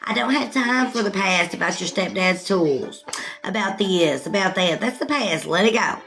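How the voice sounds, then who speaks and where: A woman's voice: medium pitch, lively intonation, normal speed, fairly bright tone, low-quality recording. A talkative woman rambling and laughing often in a casual livestream chat, with music playing behind her. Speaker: livestream host.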